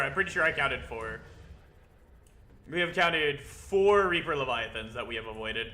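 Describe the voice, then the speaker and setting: A young man giving casual, excitable commentary while playing a video game, swearing often and yelping when startled. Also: a little high, moderate pace. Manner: excitable, swears a lot, yelps when scared. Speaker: gaming video host.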